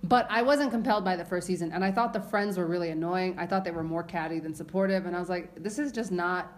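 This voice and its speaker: A woman co-hosting a podcast in casual chat, teasing and quick-witted. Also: on the low side. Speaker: podcast co-host.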